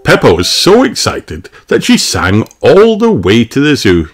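A man reading a children's picture book aloud in a slow, very expressive way. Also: mid-range voice, faint music behind. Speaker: storybook reader.

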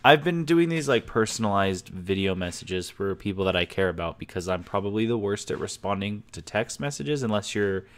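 A man's voice: on the low side, expressive, brisk, few pauses. A young man recording a casual personal video message at home, talking in a loose, sincere, rambling way. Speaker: vlogger. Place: home office room.

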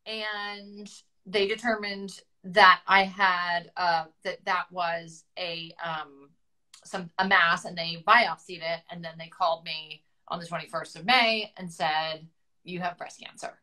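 A woman's voice: fairly low pitch, steady tone, slow, pushed and bright, poor audio. A middle-aged woman, a guest author, telling her story candidly and with emotion, chatty with many restarts, over a video call.

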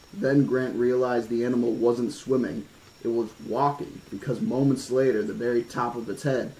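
A man's voice: medium pitch, a little mellow, a little hiss or hum, poor audio. A man reading a horror-themed novel aloud, stopping now and then for casual asides and restarts. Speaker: audiobook reader.

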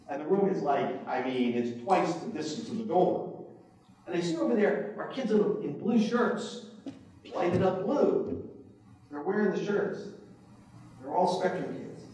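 A man giving a public talk as an author, telling anecdotes in a lively way and acting out what other people said. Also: high-pitched. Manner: animated anecdotes with quoted voices. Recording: very echoey hall from a distance.

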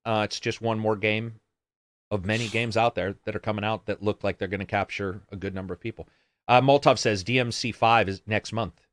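A man's voice: fairly low pitch, fairly even intonation, brisk, a bit bright, dry recording, clean studio sound. A man co-hosting a casual gaming chat show, reading viewer comments aloud and answering in a rambling, sarcastic way with plenty of swearing.

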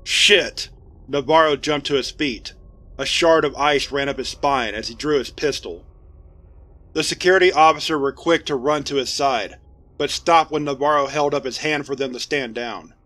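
A man narrating a scripted horror story in a steady, even storytelling voice. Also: medium pitch, normal speed. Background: faint music.

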